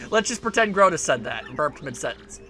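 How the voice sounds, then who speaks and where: A man's voice: a little high, big pitch swings, moderate pace, pushed and bright. A man making wry, sarcastic asides as a let's play commentator. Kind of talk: joking game commentary.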